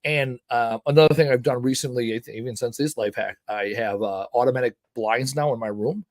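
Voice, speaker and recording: A forty-year-old man hosts his own live show, talking in a loose, rambling way and tagging thoughts with "right?". His voice sits at a medium pitch. The sound is dry and close, with no room around it. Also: fairly quick, darkish tone, dry recording. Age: 40s. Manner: conversational, many fillers and rhetorical "right?". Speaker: host. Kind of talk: casual live-show monologue.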